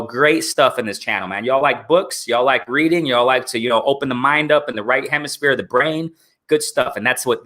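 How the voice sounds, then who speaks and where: A man's voice: medium pitch, pushed and bright. A man hosting a live boxing stream in a casual way, answering chat and often asking "you know what I'm saying".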